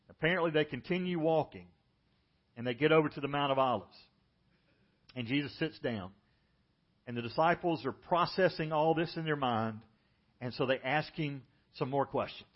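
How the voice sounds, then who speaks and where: Vivid storytelling marks this sermon from a middle-aged man who pastors the congregation, lifting his pitch whenever he voices someone he's quoting. It's captured in muffled, lo-fi church sound.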